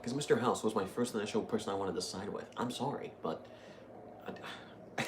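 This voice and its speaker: A man's voice: on the low side, brisk, a little hiss or hum. A young man giving casual, chatty commentary while playing a video game, easily amused. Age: young adult. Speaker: gaming video host. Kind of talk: casual let's-play commentary.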